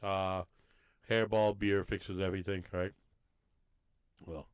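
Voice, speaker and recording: A man's voice: sits low, little pitch movement, takes it slowly, clean tone. A man co-hosting a casual podcast, talking in a rambling, easygoing way. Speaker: podcast co-host. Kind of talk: casual bar-talk podcast chat.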